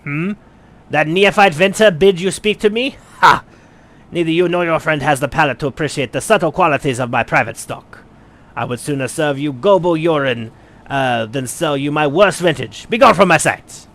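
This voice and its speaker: A man voicing a snobbish, pompous male wine baron with a put-on accent, haughty and shouting, for a game playthrough. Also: on the high side, moderate pace, close to an everyday voice. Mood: haughty outrage. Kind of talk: let's play voice acting.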